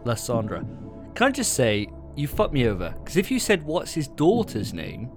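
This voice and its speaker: Brief: male co-host, lively pitch swings, banter and swearing, faint music under. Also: normal speed. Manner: banter-heavy, swearing, animated. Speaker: podcast co-host. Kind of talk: casual drinking-game chat.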